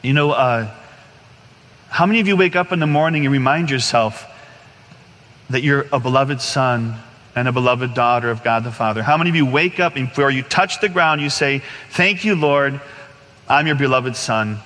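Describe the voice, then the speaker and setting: Earnest priest preaching in a reverberant hall. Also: male voice, mid-range voice, fairly quick, a bit bright. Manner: conversational, earnest, many restarts and "you know". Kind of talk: sermon with personal story.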